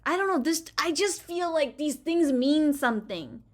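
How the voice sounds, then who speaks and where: A woman hosting a gaming channel, giving rambling, chatty let's play commentary full of fillers, swinging between loud outbursts and quiet muttering. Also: high voice, lively intonation, normal speed.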